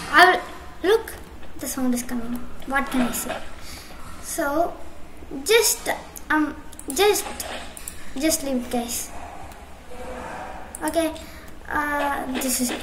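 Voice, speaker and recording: Woman gamer with a very high voice, unhurried and excitable, in an echoey room with loud noise behind. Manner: excitable, apologetic, bursts of shouting. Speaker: mobile game streamer. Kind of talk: casual gameplay commentary. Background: loud ongoing noise and clicks.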